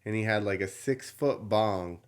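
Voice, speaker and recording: Man, podcast host, casual storyteller, profane, animated, fairly low voice. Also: measured pace, clear, resonant tone. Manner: animated, profane, laughs while telling stories.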